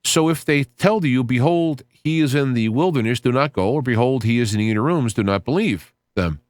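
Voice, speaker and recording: A man hosting a podcast, talking casually about scripture in an earnest, rambling way, often restarting his phrases and reading passages aloud, with sudden rises in pitch when excited. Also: a little fast, no room sound. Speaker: podcast host.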